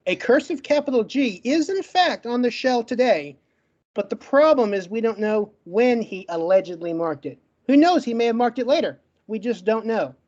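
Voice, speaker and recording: A man giving a debate closing argument in a rapid, list-like way, with a stutter that makes him get stuck on words. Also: high voice, darkish tone, muffled recording. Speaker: debate participant.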